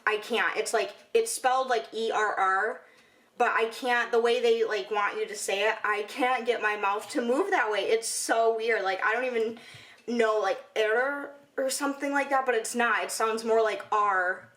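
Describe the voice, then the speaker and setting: A woman's voice: fairly high pitch, normal speed, fairly bright tone, poor audio. A young woman from Michigan with a Michigan American accent, rambling chattily through a casual home vlog with lots of "like" and "you know". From Michigan, USA. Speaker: vlogger.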